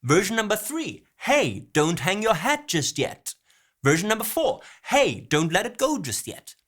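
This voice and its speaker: A man's voice: high-pitched, sing-song, unhurried, a bit bright. A man teaching songwriting, picking apart lyric lines by quoting them and re-stressing the words. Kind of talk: lyric analysis lesson.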